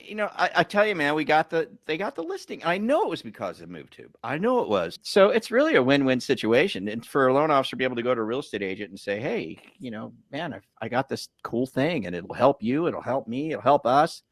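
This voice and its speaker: A man who works as a loan officer, telling a story in a casual, animated way and acting out what people said. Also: medium pitch, quick pace, few pauses, no echo, clean studio sound. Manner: animated storyteller, acts out quotes.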